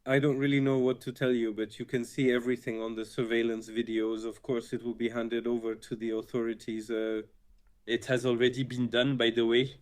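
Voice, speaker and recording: A man, a content creator, telling his followers about a break-in in a halting way, with frequent uhs and restarts. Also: mid-range voice, little pitch movement, smooth. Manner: hesitant, many uhs and restarts. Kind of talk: video statement to followers.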